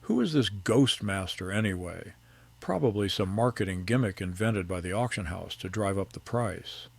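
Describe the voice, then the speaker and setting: A man's voice: sits low, lively intonation, moderate pace, gravelly, no echo, heavily acted. A man voicing an arrogant, mocking young man with a dismissive, scoffing manner.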